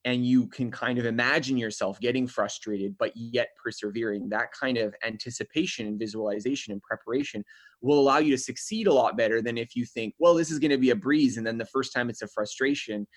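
Thoughtful man, guest author, steady explainer; dry, close recording. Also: mid-range voice, dry recording. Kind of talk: interview answers.

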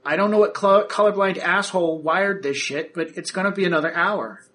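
A man's voice: sits high, fairly quick, fairly bright tone, voice pushed up. A man doing a whiny, grumbling technician. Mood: exasperated.

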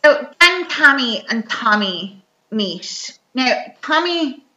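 A young woman recapping a film in casual chat, telling it lively and full of "like". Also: sits high, slow pace. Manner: chatty, lively retelling full of "like" and quoted lines. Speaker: podcast co-host. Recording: echoey room, slightly dull sound.

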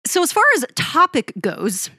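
A woman's voice: high voice, wildly swooping pitch, moderate pace, pushed and bright, slightly rough, no room sound. A young woman talks through a song breakdown in an upbeat, chatty way, laughing often as she goes. Her voice sounds a bit froggy and short of breath after exercise. The recording is close and dry, with no room sound. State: winded and a little froggy after a run. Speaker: music podcast host. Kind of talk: casual solo music analysis.

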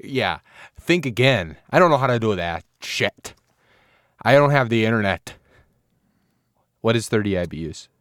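Low-voiced man joking on a podcast. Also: big pitch swings, unhurried, pauses often, a bit bright, no room sound, clean studio sound. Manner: joking, rambling, laughs often. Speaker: podcast co-host. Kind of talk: casual beer-tasting chat. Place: indoor recording studio.

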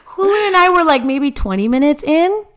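A woman's voice: sits high, very animated, normal speed. A young woman, co-host of a casual chat podcast, animatedly retelling a story with lots of fillers and quoted voices.

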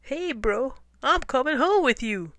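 A woman's voice: high-pitched, expressive, a little slow, fairly bright tone, no room sound, voice pushed up. A woman voicing a cheerful, odd, friendly male penguin in a read-aloud storybook. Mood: cheery.

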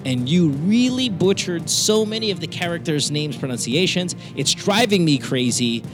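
A man's voice: fairly high pitch, lively intonation, normal speed, over music. A man with a Western, almost Americanized accent, hosting a podcast in casual, profane, argumentative chat with many stammered restarts. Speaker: podcast host.

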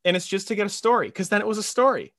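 A young man co-hosting a casual sports podcast, animated, laughing often and mimicking quotes. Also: high voice, racing, no room sound, studio quality. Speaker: podcast co-host.

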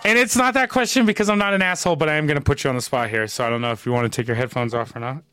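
A man's voice: on the high side, very fast, sharp tone, clean tone, no echo. A man hosting a casual podcast interview, asking questions loosely, laughing often and swearing freely. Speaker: podcast host.

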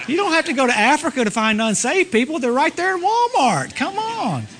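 A middle-aged man preaching a sermon at a church service, animated, swinging from loud exclamations to low murmurs. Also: fairly quick, background noise. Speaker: guest preacher.

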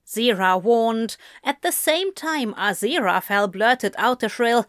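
A woman reading a story aloud at an unhurried pace, her voice bright with a lively, rising and falling melody. The recording is close and dry, with no room echo. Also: a little high. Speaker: audiobook narrator. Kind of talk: storybook narration.

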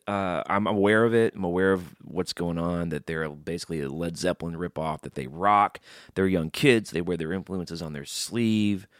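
A man with a very low, deep voice hosts his podcast alone, talking in a loose, rambling way, cracking jokes and swearing freely. He is drinking beer as he goes, and the sound is dry and close, with no room around it. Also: dry recording. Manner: rambling, joking, swears casually. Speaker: podcast host. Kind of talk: casual solo podcast chat.

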